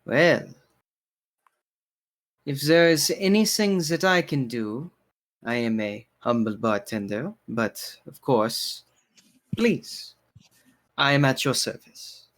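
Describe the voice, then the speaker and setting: A man voicing a humble, wise male bartender who talks slowly and hums between thoughts. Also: medium pitch. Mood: courteous. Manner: slow, pausing with soft hums.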